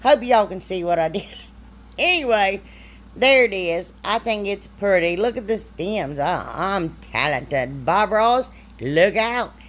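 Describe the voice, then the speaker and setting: A woman's voice: mid-range voice, expressive, slow pace. Chatty woman crafting. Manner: chatty, self-deprecating, drawling. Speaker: craft vlogger. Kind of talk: casual crafting tutorial voice-over.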